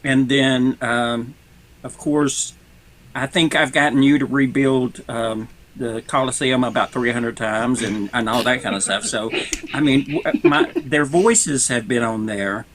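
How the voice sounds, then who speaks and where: A man with a Southern US accent, an animated storyteller who laughs often, chatting on a group live stream. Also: medium pitch, measured pace, a little hiss or hum. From American South. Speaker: TikTok creator.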